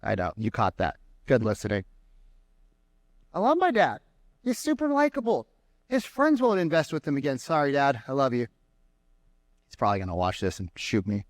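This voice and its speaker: A man speaking as a sales trainer to a live audience, energetic and mocking as he acts out callers. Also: mid-range voice, moderate pace, pauses often, no room sound. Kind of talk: keynote talk to a live audience. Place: conference room with an audience.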